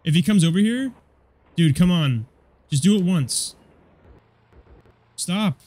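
A young man giving casual, profane commentary over a car combat game, rambling and quick to get annoyed. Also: on the high side, steady tone, a little mellow. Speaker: gameplay commentator.

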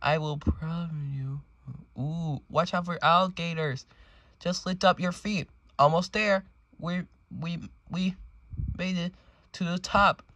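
A reader voicing an eager little boy guiding his mother, lifting the pitch and stumbling over repeated words. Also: steady tone, a bit bright, no room sound. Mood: reassuring. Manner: halting read-aloud with repeated words.

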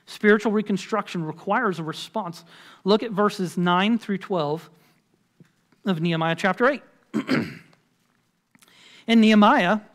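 A man preaching a sermon as pastor in a church, conversational and emphatic, with frequent filler words. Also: high voice. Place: church sanctuary.

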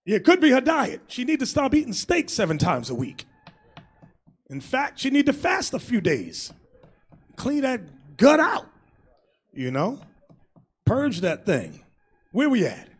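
A man preaching as a bishop in a loose, comic style, animated and often shouting, acting out quotes. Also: very high voice, measured pace, long pauses, breathy edge.

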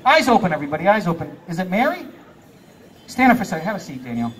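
High-voiced playful male stage hypnotist. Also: very animated, rapid-fire, fairly bright tone. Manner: playful, commanding, laughs often. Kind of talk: live stage show patter. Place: live theater stage. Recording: distant live stage sound.

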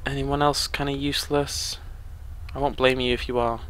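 A British let's play host with a medium-pitched voice commentates his gameplay casually at a normal speed. He rambles, pokes fun at himself, and gets excited easily.

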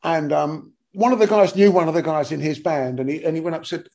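A man in his sixties, a guest musician telling rambling, animated stories with lots of restarts and casual swearing. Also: a little high, fast talker, vocal fry. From England. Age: 60s. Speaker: guest musician, bass player. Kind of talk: casual anecdotal interview talk.

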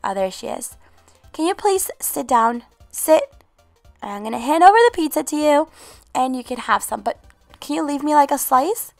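A woman hosting a game roleplay video, commentating in an animated, exclaiming way and talking motherly to her in-game baby. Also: sits high, normal speed, no echo, faint music behind. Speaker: channel host.

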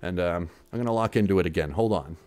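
A man streaming retro games and commenting casually, excitable and jokey, swearing often as he plays. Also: deep voice, quick pace.

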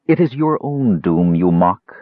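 A man voicing a proud woman cleric who speaks crisply, coldly and formally. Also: deep voice, big pitch swings, measured pace, no echo. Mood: quiet. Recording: dry, slightly dull recording.

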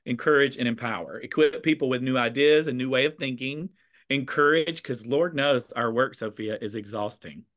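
A man from the American South with a Southern accent, chatting over a video call about teaching, expressive with a little sass. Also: mid-range voice, normal speed. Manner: expressive, a bit sassy, warm storytelling. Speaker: teacher and conversation host. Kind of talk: casual video chat.

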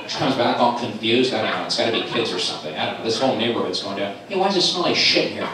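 A man doing a stand-up comedy set in a club, loud, animated and teasing the audience. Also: on the low side, very fast, hardly any pauses, heavy background noise. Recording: roomy club sound from a distant camera, crowd laughing. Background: audience laughter.

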